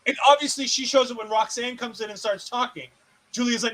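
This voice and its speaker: A man's voice: very high-pitched, brisk, fairly bright tone, rough recording. A man co-hosting a casual wrestling recap, retelling scenes with sarcastic asides and acted-out quotes. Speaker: co-host.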